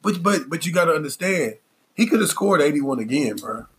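Man, podcast co-host, casual chat, excitable, slangy, pitch leaps when worked up. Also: a little fast.

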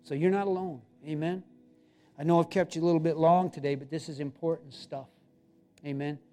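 A man with a notably high voice delivers a sermon from the front of a church. He preaches with emphatic, pleading urgency, pressing his listeners to act. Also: steady tone, brisk, mellow, soft background music. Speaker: pastor. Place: church sanctuary.

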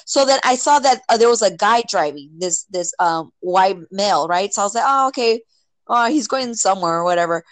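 A woman casually telling a personal story, filling it with "like" and "right?" and acting out quotes with sudden jumps in pitch. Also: expressive, fairly quick, no room sound, rough recording. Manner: filler-heavy, many "like" and "right?".

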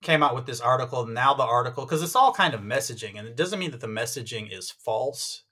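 A man's voice: medium pitch, expressive, brisk, pushed and bright, husky. A man co-hosting a casual sports podcast, rambling into tangents and acting out quoted people. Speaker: podcast co-host.

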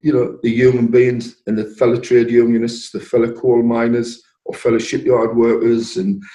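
A man's voice: mid-range voice, dark tone. An older man, a former miner and trade unionist, telling stories in an interview, repeating words and acting out quotes. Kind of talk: storytelling in an interview. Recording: echoey room.

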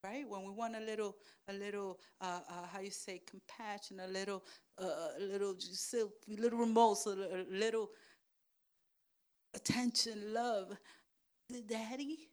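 A woman pastor preaching a sermon, checking in with "Amen?" and "right?", and swinging from soft asides to loud calls. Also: mid-range voice, steady tone, clear, resonant tone. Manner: slow, deliberate delivery.

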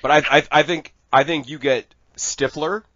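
A man's voice: on the high side, steady tone, normal speed, fairly bright tone. A man in a casual fan-casting chat, rambling and crude, laughing often. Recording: dull lo-fi sound.

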